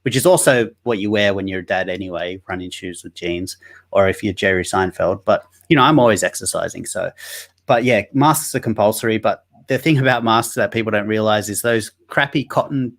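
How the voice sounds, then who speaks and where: Nasal Australian man, low voice. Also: a little fast. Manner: joking, rambling, many fillers and restarts. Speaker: guest, online activist. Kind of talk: casual interview over a video call. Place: Sydney.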